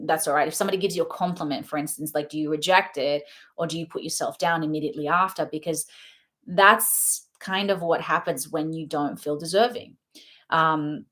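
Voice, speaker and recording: A young adult woman giving a casual, rambling oracle card reading, chatty and often laughing between thoughts. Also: low voice. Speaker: tarot reader.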